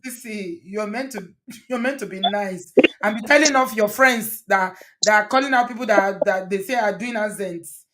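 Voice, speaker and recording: A middle-aged woman hosts a relaxed live-stream conversation. She is chatty and teasing and laughs easily between points. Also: mid-range voice, moderate pace, a little hiss or hum. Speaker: host. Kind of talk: casual live-stream chat.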